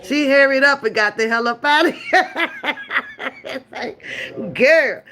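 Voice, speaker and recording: A woman's voice: sits high, a little slow, bright, forceful tone, slight background noise. A woman hosting a casual livestream reaction chat, laughing often, profane, calling her viewers y'all. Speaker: livestream host.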